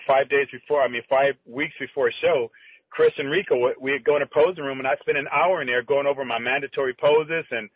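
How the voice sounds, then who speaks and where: Husky middle-aged man on a tinny call. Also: medium pitch, no echo. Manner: animated, halting with restarts, acts out quoted dialogue. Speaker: guest, former competitive bodybuilder. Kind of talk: conversational storytelling. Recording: tinny phone-line audio, dry.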